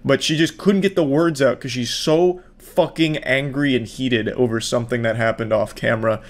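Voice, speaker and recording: A man's voice: medium pitch, a little fast. A man hosting a casual reaction commentary, sarcastic and profane. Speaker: commentary channel host.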